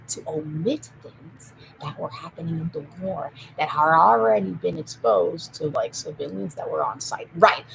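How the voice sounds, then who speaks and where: Erratic, rambling woman with wild pitch swings. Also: creaky, a little hiss or hum, poor audio. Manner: erratic, jumping between topics, swearing; swings from loud outbursts to low mutters. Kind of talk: rambling solo monologue.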